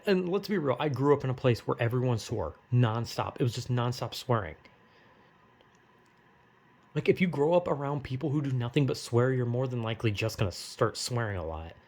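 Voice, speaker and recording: A man talks straight to camera in a loose, rambling monologue. His voice has a gravelly, creaky edge at a middling pitch. He piles on filler words and swears offhandedly. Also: darkish tone. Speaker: vlogger. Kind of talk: casual monologue.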